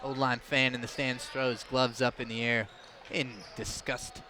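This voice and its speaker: A man giving easygoing, chatty play-by-play commentary on a high school basketball game. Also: level tone, normal speed, noisy background. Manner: easygoing, chatty, laughs along with his partner. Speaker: play-by-play announcer.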